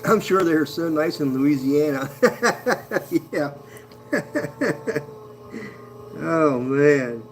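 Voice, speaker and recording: A man's voice: a little high, lively intonation, drawn-out words, long pauses, slight background noise. A man hosting a casual live stream, chatting easily with viewers and laughing often.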